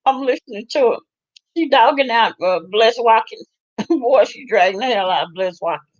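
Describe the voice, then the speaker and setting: A woman's voice: a little high, expressive, normal speed, muffled recording. A woman hosting a casual chat, laughing often and reacting to what she is listening to. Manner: laughing, gossipy reactions to a livestream. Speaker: host.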